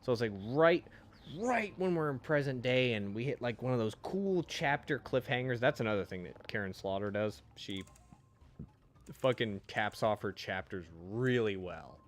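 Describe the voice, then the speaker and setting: A man's voice: medium pitch, expressive, normal speed. A man streaming a game, chatting casually with lots of fillers and swearing. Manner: rambling, profane, frequent fillers. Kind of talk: casual chat while streaming.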